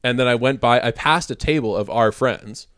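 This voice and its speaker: A man's voice: medium pitch, normal speed, fairly bright tone, clear, resonant tone, dry recording, clean studio sound. A young man co-hosting a podcast, telling a story in a laid-back, casual way, laughing often and swearing. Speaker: podcast co-host.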